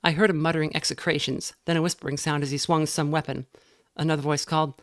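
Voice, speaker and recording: A woman reading a novel aloud in a measured way, now and then stumbling and correcting herself. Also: low voice, steady tone, dry recording, studio quality. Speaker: reader.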